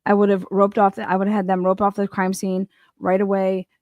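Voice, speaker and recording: A woman's voice: medium pitch, monotone, fairly quick, darkish tone, dry recording, muffled recording. A woman hosting a casual commentary show, reacting to news clips in a blunt, profane and mocking way. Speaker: host.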